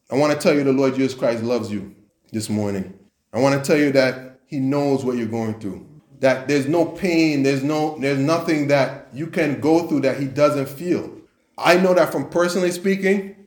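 A man's voice: fairly high pitch, roomy sound. A man preaching a sermon in an earnest way, often repeating himself and restarting his sentences.

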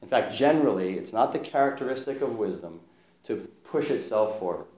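A man preaching a sermon, reading scripture aloud and acting out short quotes in a gentle, reflective way. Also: lowish voice, expressive, brisk, muffled recording. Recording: echoey room.

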